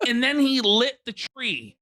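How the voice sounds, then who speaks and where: A man co-hosting a live reaction stream, mocking what he is watching in disbelief and swearing freely. He speaks slowly, and his voice is bright and edgy. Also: very high-pitched, big pitch swings. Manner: mocking, incredulous, swears often. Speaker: stream co-host.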